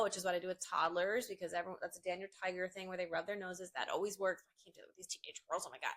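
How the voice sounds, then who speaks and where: A woman, a family photographer, telling a funny story to camera in a bubbly, self-mocking way, jumping up in pitch when she acts out quotes. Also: steady tone, fast talker, hardly any pauses, bright, forceful tone.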